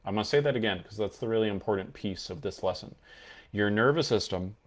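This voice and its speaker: Earnest male coach with a lowish voice. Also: fast. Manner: earnest, emphatic, demonstrates tones of voice while teaching. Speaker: mental health coach. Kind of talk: explanatory coaching talk to camera.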